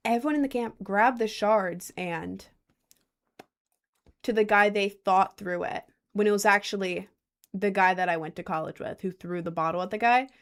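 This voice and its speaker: A woman's voice: medium pitch, moderate pace. A young woman spins a casual story in a rambling way, full of filler words. She keeps breaking off to apologize for oversharing. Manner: rambling, heavy on "like", apologetic asides.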